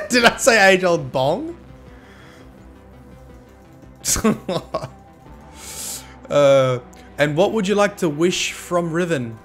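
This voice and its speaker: A man's voice: sits high, very animated, very slow, pauses often, soft background music. A man streaming a game and chatting casually with his viewers, cheeky and joking as he thanks them and teases the chat.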